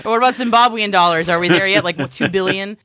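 A woman's voice: medium pitch, fast, bright, forceful tone, dry recording. A woman from Massachusetts, a podcast guest, chatting with dry, wry humor. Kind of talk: casual chat.

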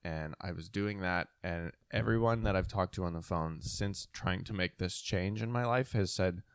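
A man co-hosting a casual chat at home, talking loudly and excitedly and laughing often. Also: low voice, normal speed, clean tone, no room sound, clean studio sound. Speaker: podcast co-host. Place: home during quarantine.

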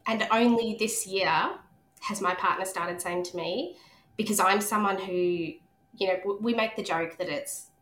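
A woman's voice: medium pitch, unhurried. An Australian woman in her thirties, a podcast guest telling stories animatedly and acting out the dialogue. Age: 30s. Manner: animated storyteller who acts out quoted dialogue. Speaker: podcast guest, speech pathologist. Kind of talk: casual podcast conversation. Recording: echoey room.

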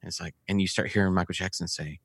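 A man's voice: deep voice, fairly even intonation, fast, a bit bright. A man from Texas, co-hosting a podcast, telling stories in a laid-back, casual way. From Texas, USA. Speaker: podcast co-host. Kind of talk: casual chat, storytelling.

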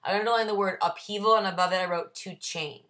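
Bright-voiced woman leading a book study. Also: mid-range voice, steady tone, fast talker. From Ohio, USA. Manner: reads passages then explains her own notes. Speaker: AA Big Book study leader. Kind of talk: reading aloud and commenting on a text.

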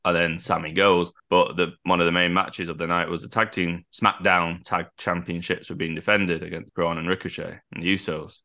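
A man's voice: sits low, little pitch movement, moderate pace, hardly any pauses, sharp tone. A man co-hosting a casual podcast chat, animatedly retelling a wrestling show and acting out the quotes. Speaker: podcast co-host.

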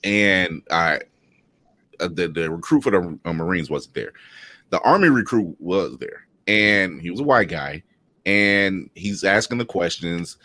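Man, thirties, blunt panel talker, low voice, lively intonation. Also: measured pace. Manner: blunt, emphatic, swears freely. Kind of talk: casual panel discussion.

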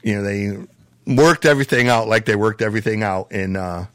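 A man's voice: lowish voice, brisk, a bit bright, clear, resonant tone, dry recording. Rambling podcast host man, dry sound. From Michigan. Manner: rambling, lots of "uh" and "you know". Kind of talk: casual storytelling chat.

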